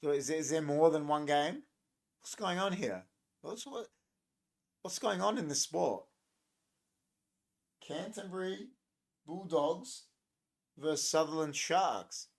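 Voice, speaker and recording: Reacting to viewer comments on his casual livestream, a young adult man rambles and cracks jokes. His fairly high voice is expressive and slow, with vocal fry and frequent pauses.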